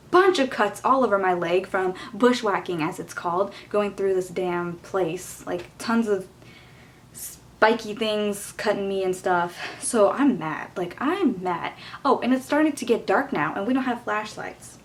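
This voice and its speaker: A young woman tells a storytime to her camera in a loose, exasperated chat, leaning on "like" and "you know." Her pitch sits in the middle for a woman. A faint hum of noise runs under the recording. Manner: casual, exasperated, heavy use of "like". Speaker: vlogger. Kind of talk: storytime vlog.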